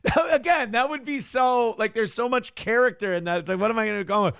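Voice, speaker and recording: Gravelly, animated male host with a dry, close sound, crude and joking, reading comments on a live stream. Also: very high voice, brisk, no echo.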